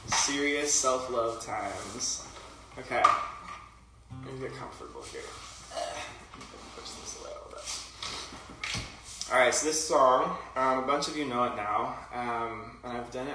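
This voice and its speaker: A man's voice: medium pitch, distant mic. A man with a rural Canadian accent, hosting a casual livestream chat, talking loosely with lots of fillers and laughs. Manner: chatty, filler-heavy, laughs often. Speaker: livestream host. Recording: roomy echo from off-mic, faint ambient noise.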